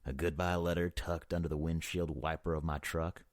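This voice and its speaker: A man narrating an audiobook in the first person with a measured, brooding delivery. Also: extremely low pitch, flat delivery, dry recording, studio quality.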